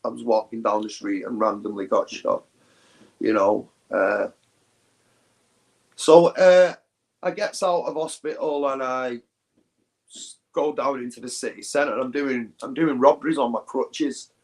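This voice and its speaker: A man's voice: steady tone, unhurried, long pauses. Man telling a raw story. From England. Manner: plain-spoken, acts out quoted voices in a raised pitch. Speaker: interview guest. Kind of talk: candid storytelling interview.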